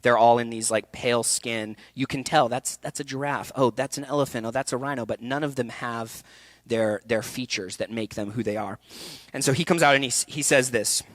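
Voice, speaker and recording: A man in his thirties giving a passionate, animated talk to actors at a festival session. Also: mid-range voice, no echo. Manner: passionate, animated, quick bursts with laughs. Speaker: acting coach speaking at a festival session. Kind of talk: energetic workshop talk. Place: event hall before an audience.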